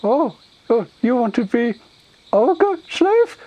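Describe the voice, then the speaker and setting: A man's voice: extremely high pitch, sing-song, slow pace, lo-fi sound, voice pushed up, heavily acted. A man voicing a dim-witted hulking male ogre chieftain who talks in broken, simple grammar. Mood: eager.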